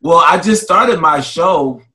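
A man's voice: on the high side, lively intonation, slow, a loud crowd. A man hosting an interview podcast, chatting casually in an inquisitive, upbeat, eager way. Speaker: podcast host.

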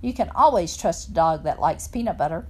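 A woman reading aloud, voicing a kind, toothless old woman with slow folksy speech. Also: lowish voice, animated, darkish tone, pitched below the performer's own voice. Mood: amused.

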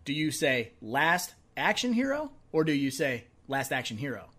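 A man's voice: fairly high pitch, sing-song, moderate pace, a bit bright. A man co-hosting a podcast in casual chat, laughing often and swearing freely. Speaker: podcast co-host.

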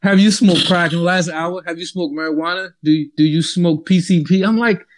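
A man's voice: sits high, fairly quick. A young man telling a long story in casual talk, acting out the people in it. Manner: animated, acts out the people in his story. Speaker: podcast host telling a story.

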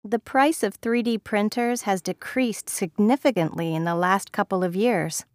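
A woman's voice: mid-range voice, normal speed, no echo, studio quality. A woman reading vocabulary example sentences for a lesson, conversational and informative.

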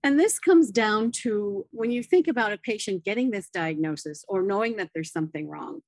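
A woman's voice: medium pitch, moderate pace, no echo. A woman hosting an interview, listening attentively and prompting with short affirmations and questions. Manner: attentive, steady with brief affirmations. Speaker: host.

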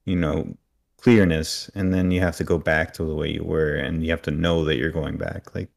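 A man with a very low, gravelly voice talks through a show's episode in a relaxed podcast chat. He often slips into the characters' lines while retelling scenes. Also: moderate pace. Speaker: podcast co-host. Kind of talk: casual recap discussion.

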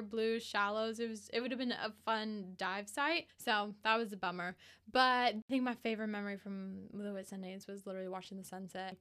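A young woman in her twenties chats about her travels in a loose, gushing way, swearing freely and stacking up "like" fillers. Her voice is clear and smooth, sitting at an ordinary middle pitch for a woman. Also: a bit bright. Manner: profane, gushing, lots of "like" fillers. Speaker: vlogger. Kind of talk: casual storytelling.

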